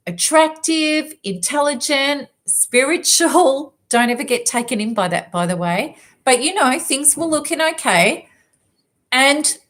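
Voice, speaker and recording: A woman self-help speaker telling a personal story in an emphatic, lively way. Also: a little high. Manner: lively, emphatic, quick asides. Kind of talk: storytelling talk to an audience.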